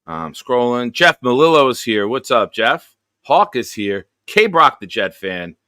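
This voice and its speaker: A man's voice: mid-range voice, sing-song, unhurried, pushed and bright, no room sound, studio quality. A man hosting a casual live stream show, greeting viewers one by one with jokes and upbeat energy. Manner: jokey, upbeat roll call of viewers. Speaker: show host.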